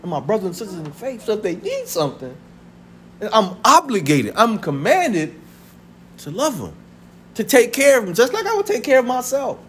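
A man's voice: high voice, huge pitch swings, normal speed, a little hiss or hum. A man in his thirties preaching a sermon to his congregation, conversational and full of laughter. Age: 30s. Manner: conversational preaching with laughter and acted family voices. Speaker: pastor. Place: church sanctuary.

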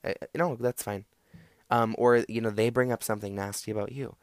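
Here the same sort of podcast host, alone on a casual talk show, doles out sarcastic, rambling advice peppered with fillers and false starts. He talks a little fast in a lowish, fairly even voice.

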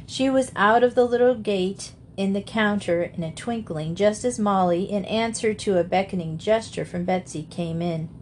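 A woman narrating a classic children's novel in a steady, measured reading voice. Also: mid-range voice, slight background noise. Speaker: audiobook narrator. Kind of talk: storybook narration.

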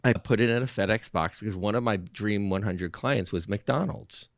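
A man as a podcast guest, telling a story in an animated, persuasive way and acting out the dialogue. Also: on the low side, moderate pace, gravelly, no room sound, clean studio sound. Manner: animated, acts out dialogue from his own story. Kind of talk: storytelling in conversation.

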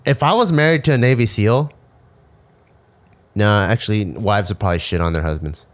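A man's voice: fairly low pitch, brisk. A man in his thirties co-hosting a casual chat, telling stories with lots of swearing and acted-out quotes. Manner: profane animated storyteller who acts out quotes. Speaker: podcast co-host.

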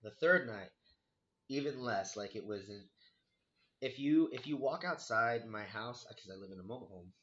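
A young man telling a story in casual chat, animated and profane, full of "like" and "dude". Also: on the low side, normal speed, highs cut off. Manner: animated, swearing, heavy on 'like' and 'dude'.

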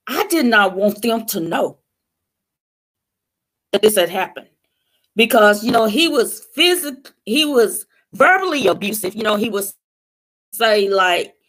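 A woman's voice: mid-range voice, expressive, unhurried, pauses often, fairly bright tone. A woman sharing her personal testimony as a guest on a talk show, telling her story in an earnest, emotional way.

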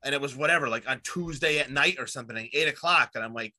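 Bright-voiced rambling man, casual chat. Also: medium pitch, very animated, fast, few pauses. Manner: rambling, heavy fillers, swearing.

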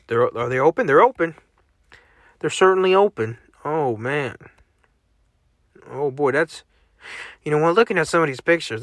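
A man's voice: on the high side, fairly bright tone, dry recording, studio quality. A man hosting a casual solo podcast, joking and swearing as he reacts aloud to what he browses online. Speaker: podcast host.

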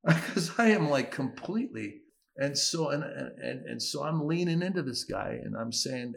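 A missionary pastor telling a personal story in a sermon, animatedly acting out the dialogue. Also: male voice, mid-range voice, lively intonation, measured pace, creaky.

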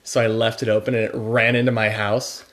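A man's voice: fairly low pitch, flat delivery, a little fast, a bit bright. A young man co-hosting a podcast, chatting casually with dry, self-deprecating humor. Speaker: podcast co-host. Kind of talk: casual chat.

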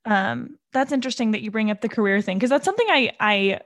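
A woman hosting a podcast, who reflects back on what her guest says in an affirming way full of soft hedges. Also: on the high side, expressive, quick pace. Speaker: podcast host. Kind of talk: podcast interview.

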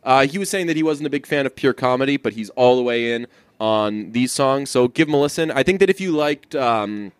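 A man's voice: mid-range voice, lively intonation, brisk, clean tone, no echo. A man in easygoing podcast talk, circling back on himself with restarts and the odd curse. His voice sits mid-range and sounds dry and close, with no room around it. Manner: rambling with frequent restarts and casual swearing. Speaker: podcast co-host. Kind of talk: casual chat.

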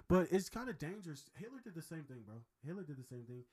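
A man talking fast and heatedly in a casual podcast chat, swearing and repeating himself. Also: a little high, very animated, a little mellow, low-quality recording. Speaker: podcast co-host.

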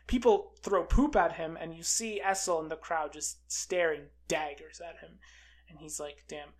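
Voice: mid-range voice, moderate pace. Rambling, chatty film recapper. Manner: quotes characters in a flat offhand voice. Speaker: film reviewer. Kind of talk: casual movie recap.

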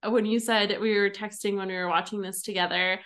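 A young podcast host talks a little fast in a mid-range, fairly bright voice with fairly even intonation. She chats casually with friends, giggling, laughing often and using plenty of "like"s.

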